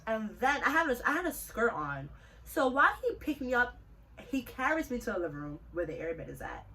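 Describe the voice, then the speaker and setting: A young woman from New City, telling a story in a casual, animated and profane way. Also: on the high side, moderate pace, distant mic. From New York City. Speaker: storytime vlogger.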